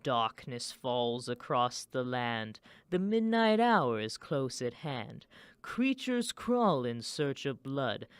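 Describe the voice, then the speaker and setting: A radio host putting on a slow, low, drawn-out voice as a spooky older male horror narrator. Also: very animated, smooth, no room sound. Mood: ominous.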